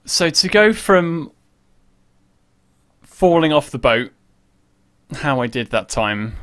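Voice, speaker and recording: Panicky, swearing gaming streamer. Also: male voice, fairly high pitch, sing-song, takes it slowly, pauses often. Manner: panicky, swearing, shouting at the game. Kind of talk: live game commentary.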